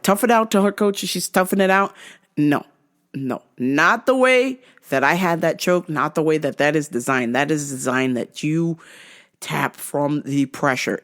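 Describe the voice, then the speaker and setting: A woman vlogger telling a story casually, swearing freely and with animated delivery. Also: on the low side. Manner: profane, animated.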